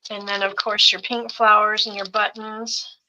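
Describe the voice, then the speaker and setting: A woman's voice: medium pitch, little pitch movement, normal speed, dull audio, slight background noise. A woman co-hosting a live sales show, fondly listing the fabrics and trims in each craft bundle one by one. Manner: gentle, fond, lists items piece by piece. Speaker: co-host showing craft kits for sale.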